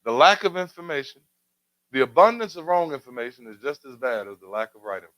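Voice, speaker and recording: A man's voice: mid-range voice, big pitch swings, quick pace, a bit bright, no echo, rough recording. A man hosting a community talk show, speaking in a preacherly way with rhetorical questions and building emphatic refrains. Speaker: radio show host. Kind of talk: community talk radio commentary.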